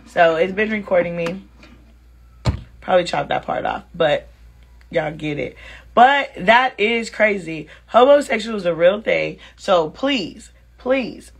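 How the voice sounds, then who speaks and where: A woman's voice: mid-range voice, animated, measured pace, breathy edge. A woman hosting a casual livestream, talking frankly and with lots of energy, cursing freely and reading viewer comments aloud as she answers them. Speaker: live-stream host chatting with viewers. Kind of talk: casual live-stream chat.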